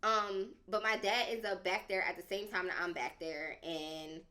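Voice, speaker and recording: A woman's voice: mid-range voice, moderate pace. A young adult woman telling a personal story on a podcast, in a casual, dramatic, slangy way. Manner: animated and dramatic, slangy, lots of "like". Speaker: podcast speaker.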